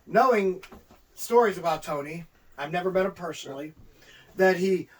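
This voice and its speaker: A man's voice: high voice, expressive, normal speed, far from the mic. A man co-hosting a casual chat, breaking in with jokes and asides. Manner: joking interjections. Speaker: co-host.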